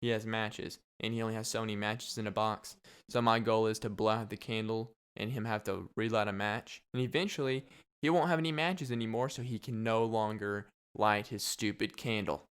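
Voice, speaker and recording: Smooth-voiced young man joking around. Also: fairly low pitch, normal speed. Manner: rambling, joking, laughs often. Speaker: podcast host. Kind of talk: casual solo podcast monologue.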